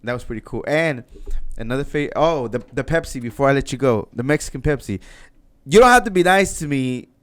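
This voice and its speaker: Podcast host, male, smooth resonant voice, loose rambling casual chat, encouraging. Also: medium pitch, animated, brisk, fairly bright tone. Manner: rambling, encouraging, restarts often.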